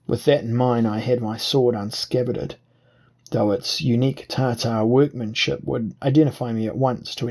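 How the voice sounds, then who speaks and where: A man narrating an audiobook in a measured, deliberate reading. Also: mid-range voice, gravelly, darkish tone, breathy edge. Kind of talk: scripted narration.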